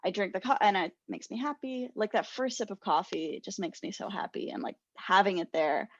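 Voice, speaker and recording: A woman's voice: medium pitch, lively intonation, brisk, dry recording. A young adult woman co-hosting a podcast, chatting casually and telling stories animatedly, laughing often. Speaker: podcast co-host. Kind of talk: casual chat. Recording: dull lo-fi sound, dry.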